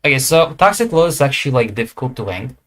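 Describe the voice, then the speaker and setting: Man, casual tier-list commentator, mid-pitched, thinks out loud, hesitant, corrects himself often. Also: sing-song, quick pace. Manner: thinking aloud, hesitant with fillers and self-corrections. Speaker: esports tier list creator. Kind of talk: casual commentary while ranking.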